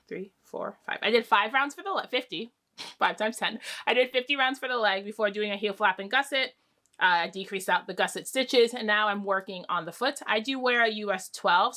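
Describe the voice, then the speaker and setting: Bright-voiced chatty woman. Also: mid-range voice. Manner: chatty, rambling with many fillers and restarts. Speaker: knitting podcast host. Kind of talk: casual chat to camera.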